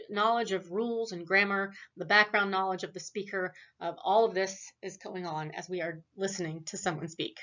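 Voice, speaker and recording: A woman with a tired voice lectures at a steady, explanatory pace, often circling back with fillers and restarts. Her voice sits at an ordinary middle pitch. It comes through a dull, lo-fi laptop microphone. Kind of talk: recorded online lecture. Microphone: laptop mic.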